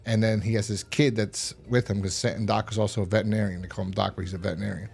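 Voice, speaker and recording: A man's voice: little pitch movement, rapid-fire, creaky, darkish tone, faint music behind. A young man hosting a casual podcast review, rambling and swearing, acting out scenes. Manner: rambling, profane, acts out scenes in high voices. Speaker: podcast host.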